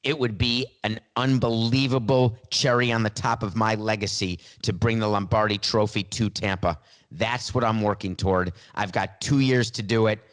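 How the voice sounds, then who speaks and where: A man's voice: lowish voice, steady tone, moderate pace, natural voice. Man mocking a smug, money-minded star quarterback. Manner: smug, sarcastic mock press-conference speech. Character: mock star quarterback in his 40s, boastful and money-minded. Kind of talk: satirical impression in a sports podcast.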